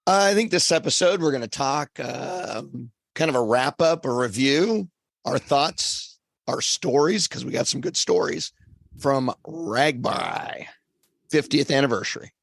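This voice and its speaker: Hoarse man on a podcast. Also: medium pitch, a little slow, no room sound. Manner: relaxed, thoughtful, hesitant with fillers. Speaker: podcast co-host. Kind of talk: casual podcast chat.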